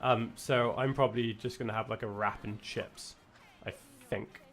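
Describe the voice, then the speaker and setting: A man's voice: fairly low pitch, fairly even intonation, normal speed, fairly bright tone, soft background music. A young man with a British accent chatting casually while streaming a game, rambling with lots of restarts and self-corrections. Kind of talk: casual chat while gaming.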